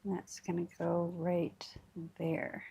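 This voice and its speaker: A woman's voice: fairly low pitch, monotone, takes it slowly, vocal fry, dark tone, slight background noise. A woman hosting a crafting livestream, chatting casually as she works and talking herself through each step. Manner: chatty, talks to herself while working.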